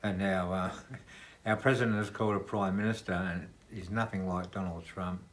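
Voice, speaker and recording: A man's voice: low voice, steady tone, normal speed, a bit bright. An Australian man answering questions at home for a casual home video, with dry, joking understatement. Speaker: interviewee. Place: living room of a home.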